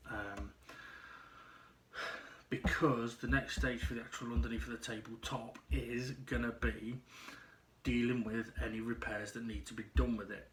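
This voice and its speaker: A man talking through a casual personal video diary at home, out of breath and halting, with frequent ums and restarts. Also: medium pitch, fairly even intonation, fairly bright tone, slight background noise. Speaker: vlogger.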